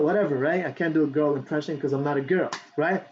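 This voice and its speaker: A man's voice: on the high side, quick pace. A man teaching affiliate marketing in a casual on-camera tutorial, chatty and repetitive, asking "right?" again and again. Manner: animated, reaching around for books while talking. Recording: dull lo-fi sound with faint background noise.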